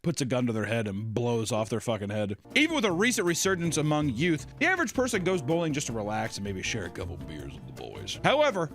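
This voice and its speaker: A man hosting a comedic video commentary, animated and profane, often laughing mid-sentence. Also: mid-range voice.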